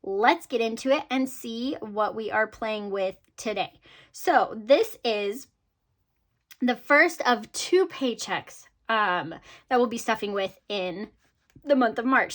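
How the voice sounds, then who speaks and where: A woman's voice: fairly high pitch, lively intonation, slow pace, a bit bright. A woman vlogger chatting casually to her viewers about her budget, upbeat, with frequent ums and laughs. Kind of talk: casual chat to camera.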